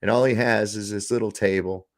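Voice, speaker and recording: A middle-aged man hosting a podcast, telling stories in a profane, animated, casual chat. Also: lowish voice, a little fast. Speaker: podcast host.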